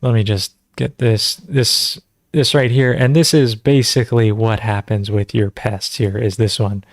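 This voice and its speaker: A man's voice: fairly low pitch, steady tone, unhurried. A man hosting a casual livestream Q&A, rambling and conversational, full of fillers as he teaches natural farming.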